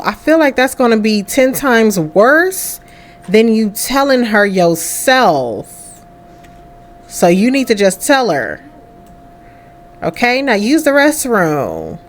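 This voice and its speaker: Young woman, casual game commentary, lively voice, chatty, talks to her character. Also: fairly high pitch. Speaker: let's play host.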